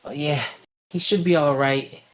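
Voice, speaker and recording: A man's voice: on the high side, unhurried, pitched above the performer's own voice, close to an everyday voice. A man doing a fluttery, dramatic lady dancer. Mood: worried. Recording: dull lo-fi stream audio.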